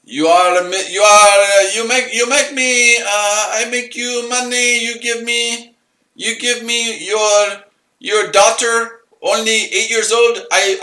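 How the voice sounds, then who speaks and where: A man's voice: high-pitched, pushed and bright, roomy sound, pitched above the performer's own voice, rough recording. A man putting on a mocking phone scammer with a fake Indian accent, pushy and repetitive in broken English. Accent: put-on Indian.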